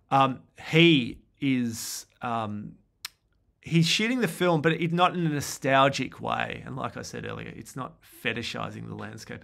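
A man with a gravelly, creaky edge to his voice talks through a film in a loose lecture. He thinks aloud, restarts his sentences and keeps posing questions to his students, at a middle pitch for a man. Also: a bit bright. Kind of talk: casual recorded lecture.

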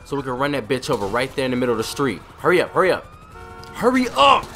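A man giving casual commentary over his video game playthrough, profane and excitable, full of trash talk. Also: medium pitch, fast talker, faint music behind. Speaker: gaming channel host.

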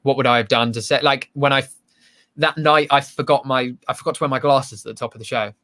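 A man's voice: medium pitch, fairly even intonation, quick pace, fairly bright tone. A man, a stage actor, chatting casually in an interview, self-deprecating and full of restarts. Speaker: actor guest.

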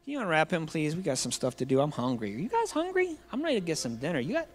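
A man's voice: on the high side, big pitch swings, fast talker, pitched below the performer's own voice. A man voicing a laid-back, matter-of-fact adult male miracle worker in a sermon retelling, talking casually and offhandedly.

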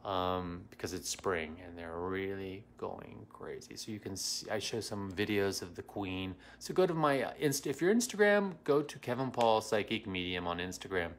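A man's voice: sits low, expressive, moderate pace, few pauses, slight background noise. A middle-aged man hosting a casual livestream as a psychic medium, greeting viewers by name and answering comments with many fillers. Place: home in Washington, D.C.

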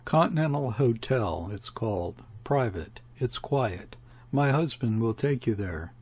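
A man voicing a placid, incurious shopkeeper's wife in an audiobook, asking quiet questions in a slightly raised voice. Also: medium pitch, lively intonation, measured pace, breathy edge. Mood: calm.

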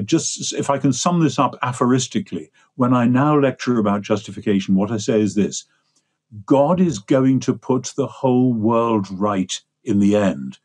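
A man's voice: medium pitch, a little mellow, breathy edge. An older man with an English accent, explaining ideas at length in a discursive, lecturing way as an interview guest. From England. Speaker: guest theologian.

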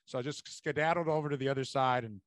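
A man hosting a comedy podcast, telling animated stories in casual chat and swearing freely. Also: mid-range voice, fast talker, no echo, clean studio sound. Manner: animated storyteller, swears a lot.

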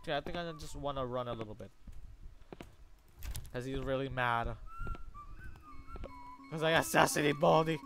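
A man doing let's play commentary from a room at home, excitable and prone to yelps and shrieks when scared. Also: medium pitch, moderate pace, creaky, pauses often, faint music behind. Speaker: gaming YouTuber. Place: home room with a fan running.

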